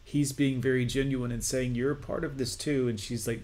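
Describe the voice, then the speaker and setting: Male host, sarcastic reaction commentator, mid-pitched, mocking delivery. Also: flat delivery, normal speed, darkish tone.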